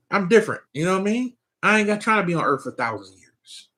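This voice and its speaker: A man's voice: high voice, expressive, fairly quick, fairly bright tone. A man, giving a casual, loose spiritual talk to his viewers, often asking if they follow him. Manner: loose, conversational preaching with frequent laughs and "you know what I'm saying". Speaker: spiritual teacher.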